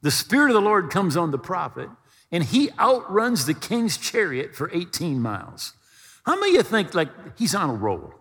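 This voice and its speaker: Man, preacher, lively storytelling sermon, husky voice, long hall echo. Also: high voice, moderate pace. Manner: animated storytelling preacher, acting out voices and jokes. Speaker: pastor.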